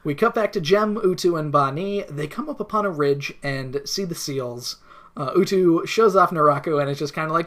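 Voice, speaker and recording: A woman's voice: sits low, moderate pace. A woman co-hosting a podcast, recapping a cartoon episode in a dry, sarcastic way and swearing freely. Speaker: podcast co-host. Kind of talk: casual chat recapping a cartoon.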